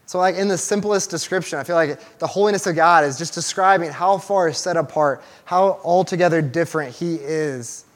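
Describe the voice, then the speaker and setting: A man's voice: a little high, normal speed, few pauses. A young man giving a casual, conversational sermon to a small church group, with restarts and fillers as he talks to the room. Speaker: church teacher.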